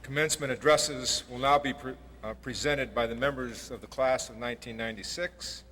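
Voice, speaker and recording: A man's voice: mid-range voice, steady tone, brisk, sharp tone, a little hiss or hum. A man making formal, matter-of-fact announcements at a graduation ceremony, speaking into a podium mic over a PA. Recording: echoey hall over a PA.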